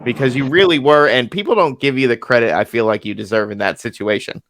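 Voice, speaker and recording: Bright-voiced man hosting a podcast. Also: mid-range voice, quick pace. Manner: chatty, laughs easily. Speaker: podcast host, MMA journalist. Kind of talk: casual interview chat.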